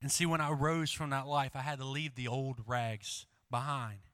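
A man's voice: mid-range voice, fairly even intonation, moderate pace, fairly bright tone. A young man preaching fervently as a student pastor, breaking off to joke with the crowd. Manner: fervent preaching that swings to a joking aside with the crowd. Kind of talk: sermon.

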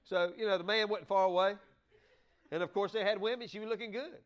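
A man preaching a folksy, humorous sermon with sudden loud bursts. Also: sits high, steady tone, a little fast. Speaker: pastor.

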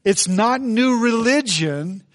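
A man's voice: very high voice, animated, slow pace. A man preaching a sermon in a church as pastor, folksy and conversational, acting out the people he quotes.

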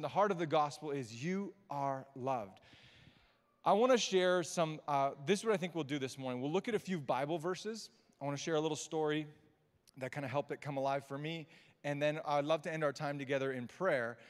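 A man preaching a casual, conversational sermon to a live church congregation. He is chatty and warm, often restarts mid-sentence, and turns gushing and excitable when he reacts. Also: fairly high pitch, brisk. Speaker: guest preacher. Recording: long reverb of a church sanctuary.

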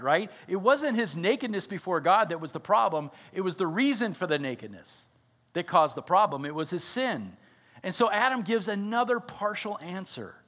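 Here an adult man, a father who serves as a pastor, gives a heartfelt sermon and often quizzes the audience. The voice is high-set and fairly bright.

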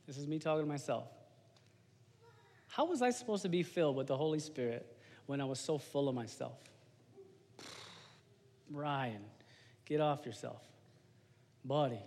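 A man in his thirties preaches in a loose, animated, slangy way, often talking straight to his congregation. His voice sits fairly high for a man. It carries a long reverb from a church hall. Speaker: lay preacher giving a testimony. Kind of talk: informal sermon.

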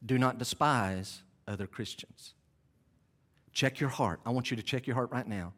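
A man's voice: mid-range voice, moderate pace, a bit bright. A man preaching a sermon as pastor, emphatic and repeating key phrases, with conversational asides to the congregation. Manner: conversational asides, self-deprecating. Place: church sanctuary.

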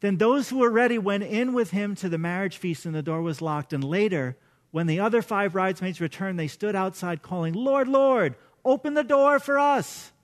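Speaking briskly in a high-pitched voice, a middle-aged pastor gives a chatty sermon built on easygoing storytelling and self-deprecating humor.

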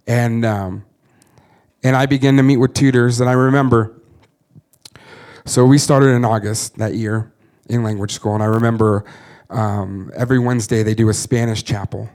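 A man's voice: mid-range voice, darkish tone. Earnest man telling his testimony. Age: 30s. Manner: earnest storytelling, quick to laugh at himself. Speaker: missionary. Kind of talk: personal testimony story.

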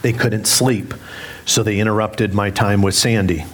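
A man's voice: fairly low pitch, steady tone, unhurried, a little hiss or hum. A middle-aged man preaching a sermon as pastor, candid and self-deprecating as he tells a story with humor. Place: church sanctuary.

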